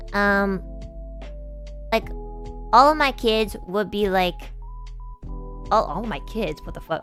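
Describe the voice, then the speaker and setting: A woman in a casual stream chat, telling a story from her childhood. She talks in a rambling, animated way, full of fillers and restarts, at a middle pitch. Soft music plays faintly behind her. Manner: chatty, animated, lots of "like" and restarts, voices kids and adults in quotes.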